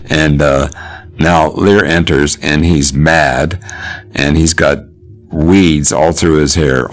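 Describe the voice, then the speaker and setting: A man giving a casual literature lecture in a chatty, halting way, with frequent chuckles. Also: extremely low pitch, vocal fry. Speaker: literature teacher.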